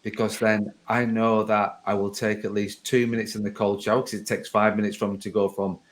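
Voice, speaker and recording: A man's voice: fairly low pitch, flat delivery, fairly quick. A man hosting a podcast, chatting casually in a rambling, conversational way and often correcting himself mid-sentence. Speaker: podcast host.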